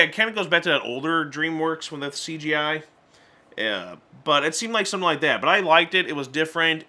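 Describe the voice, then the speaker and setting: A man casually reviewing an animated movie, chatty and stumbling over restarts, acting out character lines in little voices. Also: a little high.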